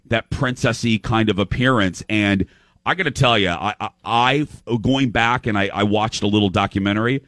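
A man hosting a show in casual chat, telling a story with quick restarts and quoting what others said. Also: fairly low pitch, fairly bright tone, no echo, clean studio sound. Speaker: show host.

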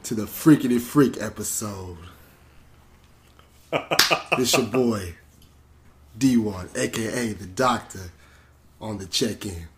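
A man co-hosting a casual podcast, speaking in a slow, low, put-on seductive voice. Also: slight background noise. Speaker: podcast co-host.

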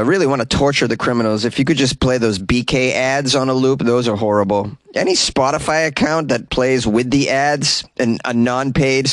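A man's voice: medium pitch, fairly bright tone, dry recording. Wisecracking man podcasting from a closet. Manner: wisecracking, stumbles over foreign words. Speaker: comedian podcast host. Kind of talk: casual comic monologue. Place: small closet.

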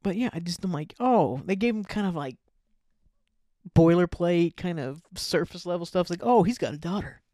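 A man's voice: high voice, expressive, normal speed, warm tone, dry recording, studio quality. A man hosting a solo podcast, ranting about bad movies in a profane, sarcastic, rambling way. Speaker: podcast host. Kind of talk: casual solo movie rant.

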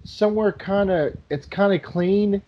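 A man's voice: sits high, measured pace. A man in a casual chat, rambling through stories and acting out what he and others said. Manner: rambling, acts out his own quotes in storytelling. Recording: dull lo-fi recording.

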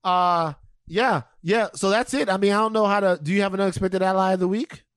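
A man co-hosting a podcast in casual chat, animated and emotional. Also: sits high, a little fast, clear, resonant tone, dry recording, studio quality. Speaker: podcast co-host.

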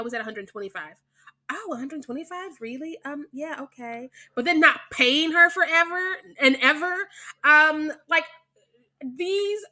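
A young woman co-hosting a podcast, with a high, bright voice. She talks bluntly and with animation and swears freely in casual chat. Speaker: podcast co-host.

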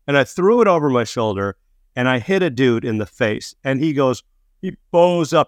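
A man's voice: medium pitch, lively intonation, brisk, dry recording, studio quality. A man telling loose, profane stories in casual chat, stumbling through restarts and stammers as a comedian and director. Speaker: comedian and film director, podcast guest.

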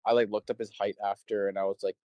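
A man's voice: lowish voice, little pitch movement, fast, a little mellow, no room sound. A young man being interviewed on a casual podcast, rambling through stories, swearing freely and acting out what people said. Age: young adult. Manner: rambling storyteller, swears freely, acts out quotes. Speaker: interview guest, show promoter. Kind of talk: casual conversation.

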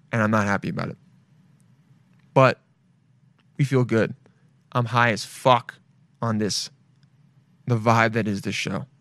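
A man's voice: mid-range voice, fairly bright tone, dry recording. A man hosting his own show alone, chatting casually in a loose, rambling way with lots of swearing and playful asides. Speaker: podcast host. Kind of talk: casual solo show chat.

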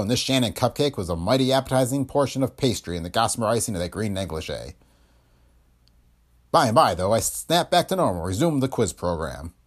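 A man narrating a first-person pulp detective story in a wry, slangy, hardboiled manner. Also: fairly low pitch. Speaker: audiobook narrator.

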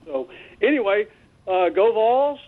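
A man calling into a sports radio show, talking casually and a bit haltingly. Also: sits high, sing-song. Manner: casual, hesitant with fillers. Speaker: caller. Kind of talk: phone-in call. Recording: tinny phone line.

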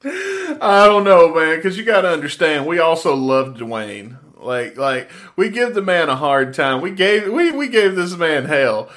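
Animated, laughing male podcast host. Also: a little high, measured pace, few pauses. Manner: animated, laughing, profane storytelling. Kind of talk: casual commentary over a played clip.

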